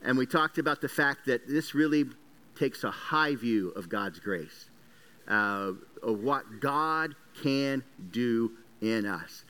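A man delivers a sermon-style Bible lesson, stopping often with filler sounds as he walks through Greek word meanings. His voice is bright and forceful and comes across smooth and clear. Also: mid-range voice, animated, slow. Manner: teaching, many uh fillers, recaps and explains Greek words. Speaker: Bible teacher.

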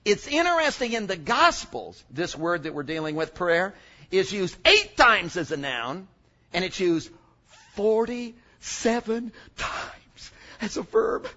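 Male preacher, sermon, joking, emphatic, very lively pitch, bright tone. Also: slow pace, highs cut off.

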